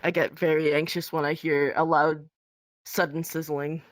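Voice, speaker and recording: A woman speaking as a podcast guest in casual conversation, hesitant with many pauses and ums. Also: low voice, flat delivery, no echo.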